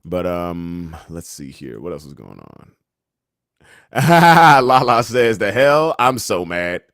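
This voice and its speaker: A man's voice: low-pitched, big pitch swings, takes it slowly, a bit bright, dry recording, clean studio sound. A young man hosting a casual livestream, reading the chat and memes aloud, joking and laughing often in a laid-back way. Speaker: livestream host.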